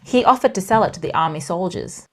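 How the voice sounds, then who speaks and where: A woman's voice: fairly low pitch, expressive, quick pace. A woman hosting a podcast, telling a true story with dramatic pacing and wry asides. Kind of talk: storytelling narration.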